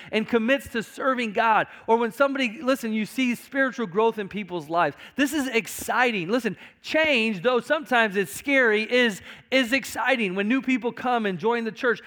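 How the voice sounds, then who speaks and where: A man's voice: extremely high pitch, pushed and bright. A male pastor preaching a sermon to his congregation, emphatic, with frequent repetitions and stammered restarts. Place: church sanctuary.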